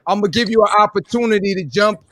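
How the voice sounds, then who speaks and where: Brief: male podcast host, high voice, laid-back chat over faint noise and clicks. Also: fast talker, fairly bright tone. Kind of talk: casual chat.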